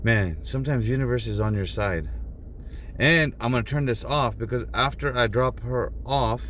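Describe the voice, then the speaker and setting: A man's voice: medium pitch, moderate pace, a bit bright, a little hiss or hum. A man, a rideshare driver talking casually and at length to his viewers from inside his car. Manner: chatty and rambling, addressing viewers directly. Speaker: rideshare driver and channel host. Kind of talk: casual vlog talk to camera.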